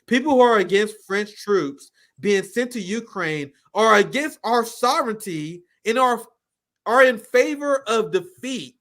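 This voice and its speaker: A man's voice: sits high, a bit bright. A man hosting a live political talk show, blunt and profane, riffing animatedly and handing over to a co-host. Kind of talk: casual political commentary.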